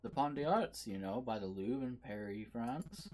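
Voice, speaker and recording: A man's voice: medium pitch, lively intonation, moderate pace, darkish tone, a little hiss or hum, lightly acted, low-quality recording. A man voicing an easygoing, kindly older fisherman in a story game, read in a folksy, reassuring way.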